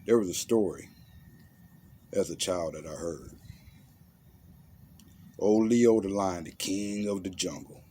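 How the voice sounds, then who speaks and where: Man, very low voice, dark tone, blunt, intense, slangy motivational talk. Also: a little hiss or hum. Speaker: motivational self-defense speaker. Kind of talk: monologue guiding a visualization.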